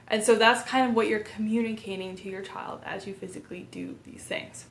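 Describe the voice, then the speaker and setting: Calm woman explaining baby sleep steps. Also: mid-range voice, slight background noise. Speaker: parenting educator. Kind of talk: instructional talk to camera.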